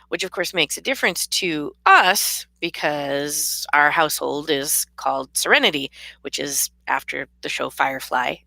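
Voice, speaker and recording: A woman's voice: low voice, creaky, sharp tone, no echo. A tired woman chatting casually to her camera in a rambling, laughing way. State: tired, yawning. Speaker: vlogger and author. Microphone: camera mic.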